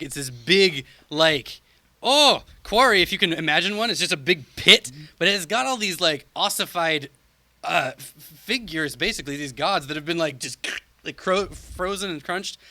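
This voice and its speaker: A man's voice: fairly high pitch, expressive, normal speed, sharp tone, no echo. A man co-hosting a podcast, rambling through a comic recap with lots of fillers and laughs. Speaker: podcast co-host. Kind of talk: casual chat recapping comics.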